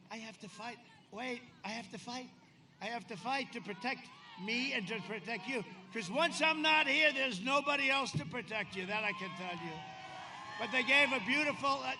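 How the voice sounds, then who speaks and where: A man giving a rambling, boastful campaign speech at an outdoor rally, talking off the cuff. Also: very high-pitched. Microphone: podium microphone. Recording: noisy outdoor rally recording. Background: outdoor rally noise.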